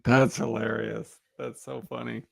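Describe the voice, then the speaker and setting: A man's voice: medium pitch, level tone, unhurried, vocal fry, dry recording, clean studio sound. A man in his thirties co-hosting a podcast, telling rambling anecdotes full of fillers. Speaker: podcast co-host. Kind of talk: casual chat.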